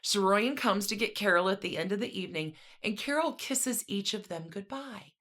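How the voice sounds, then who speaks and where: A woman's voice: mid-range voice, moderate pace, fairly bright tone. A woman co-hosting a podcast, casually telling a story with conversational, dry asides. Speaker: podcast co-host.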